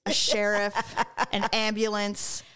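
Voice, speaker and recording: A middle-aged woman from California tells a story in relaxed conversation. Her voice sits at an ordinary middle pitch, and she swears freely as she talks. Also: takes it slowly, smooth. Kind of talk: casual chat.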